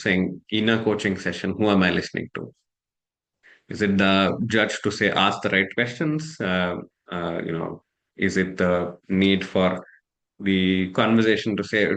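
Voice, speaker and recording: A man's voice: deep voice, creaky, a bit bright. A man leading an online coaching lesson over a video call, reflective and thinking aloud with many rhetorical questions and frequent uh fillers. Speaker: coach and workshop leader.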